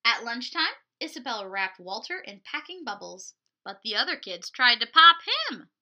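Animated woman reading to children. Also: fairly high pitch, moderate pace. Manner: animated and encouraging, talks to children. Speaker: children's librarian. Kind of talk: storytime reading for kids.

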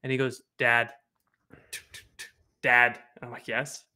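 Bright-voiced young dad chatting. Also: male voice, mid-range voice, takes it slowly, clear, resonant tone. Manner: relaxed, trailing off softly, gentle anecdotes. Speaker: podcast co-host. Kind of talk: casual chat.

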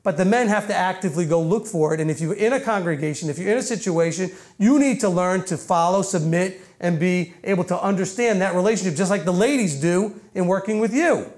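A man's voice: high voice, fairly quick, hardly any pauses, a little mellow. A man teaching a congregation of about a hundred and fifty people through a microphone, in a loose, conversational sermon with frequent self-corrections. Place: meeting room with about 150 people.

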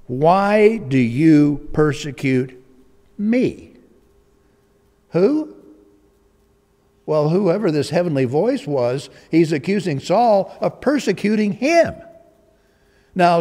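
A man preaching slowly through a sermon, walking through scripture verse by verse. His voice is dark and mellow, and it carries a long reverb, as in a hall. He acts out the quoted voices, pushing up his emphasis. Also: mid-range voice. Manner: expository, dramatizes quoted voices with rising emphasis.

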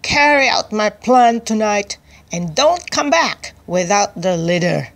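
Greedy storybook king who bellows orders, voiced by a woman reading aloud, at a middling pitch. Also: animated, takes it slowly, vocal fry. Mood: commanding. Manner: loud commanding boasting. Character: cruel greedy fat male cabbage king.

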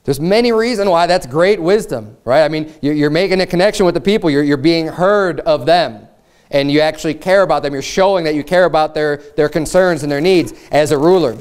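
A man delivers a sermon in an earnest, emphatic way and repeats his key phrases to drive them home. His voice sits somewhat high for a man, with a smooth and resonant tone. He shifts into a formal, old-fashioned cadence when he reads scripture aloud. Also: fairly quick, darkish tone. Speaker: pastor.

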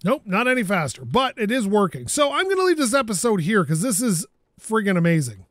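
A man gives casual gameplay commentary from his home setup, close on a desk mic. His voice sits high and swings widely as he gets excited. He laughs easily, curses at the game and talks to things on screen as if they could hear him. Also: brisk, no room sound. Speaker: gaming YouTuber.

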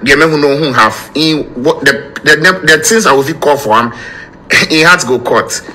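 A man's voice: on the high side, normal speed, pushed and bright, low-quality recording. A man with a Ghanaian accent ranting boastfully in pidgin, dismissive of a rival. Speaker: musician in a played clip.

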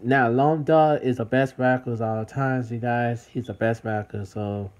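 In a mid-range, fairly even voice that's slightly slow and mellow, an American vlogger addresses his audience from the city. He talks casually, says things more than once, and keeps calling out to everybody.

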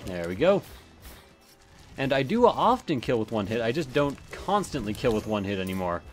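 A man's voice: medium pitch, very animated, moderate pace, soft background music. A man giving casual, rambling commentary while playing a video game, swearing often and drifting into asides. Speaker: let's play gamer.

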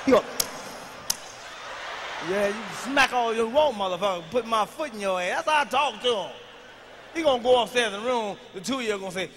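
Stand-up comic, man, very high and sharp voice, crude shouty rants, big hall reverb. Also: animated, normal speed, pauses often, a little hiss or hum. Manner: profane, loud ranting with shouted bursts. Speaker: stand-up comedian. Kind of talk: stand-up comedy routine.

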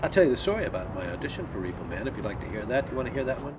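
A man's voice: medium pitch, very fast. Man in his fifties telling stories outdoors. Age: 50s. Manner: lively raconteur, briefly acting out other people's lines. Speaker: actor interviewee. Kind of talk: anecdotal storytelling. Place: outdoors on a city film set near traffic. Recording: loud outdoor traffic noise. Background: vehicles and street ambience.

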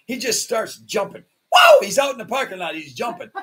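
A male pastor delivers a storytelling sermon in a high voice that leaps up and down. His tone is bright and a little husky. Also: brisk, few pauses. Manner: animated, acts out voices in his stories.

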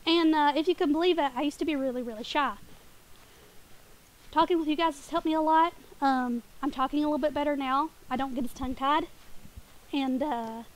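Southern woman streamer, high bright voice, giggly, chatty, stumbles over words now and then. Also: normal speed, long pauses. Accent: Southern US, Tennessee area. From southeastern United States. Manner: giggly, occasionally stutters and trips over words. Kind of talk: casual gaming stream chat. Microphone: desk microphone.

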